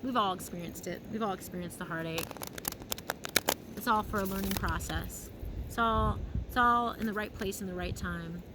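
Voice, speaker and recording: A woman's voice: mid-range voice, background noise. Dreamy woman giving an outdoor tarot reading. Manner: slow, dreamy and emotional, humming often. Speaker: tarot reader. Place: field outdoors in the mountains.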